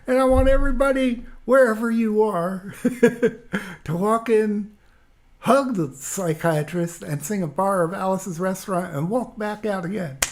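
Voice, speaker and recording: A male musician hosts a livestream from an easy chair at home, chatting casually with viewers. His voice is high, and he's unhurried, easygoing, and chatty, laughing easily and often.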